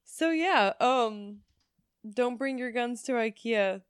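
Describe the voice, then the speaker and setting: A woman's voice: a little high, animated, slow pace, clear, resonant tone, dry recording, clean studio sound. A young woman cohosting a casual podcast, teasing her friend and giggling a lot. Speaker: podcast co-host. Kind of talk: casual chat.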